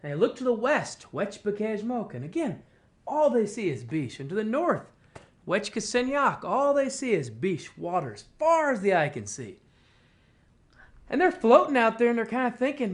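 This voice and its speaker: Animated folksy storyteller with a lively voice. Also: medium pitch, moderate pace. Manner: folksy and conversational, full of "kinda" and "you know"; acts out the animals' quoted talk. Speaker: tribal language department storyteller. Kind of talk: casual oral storytelling of a traditional tale.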